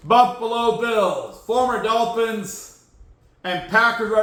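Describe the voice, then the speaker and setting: Mocking teams with goofy sound effects, a man hosting a football podcast delivers the news with sarcasm and jokes as casual sports commentary. He speaks unhurriedly in a high, expressive, somewhat bright voice, recorded with a roomy sound.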